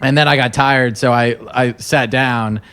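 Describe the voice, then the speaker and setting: A man's voice: medium pitch, steady tone, unhurried, a bit bright, clear, resonant tone. Rambling laid-back man telling a story. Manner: rambling, laughing, full of restarts. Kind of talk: casual storytelling chat.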